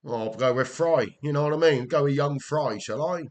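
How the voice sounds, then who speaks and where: A man's voice: a little high, a little fast. Welsh man, gameplay commentator, exasperated, swears, talks to himself. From Wales.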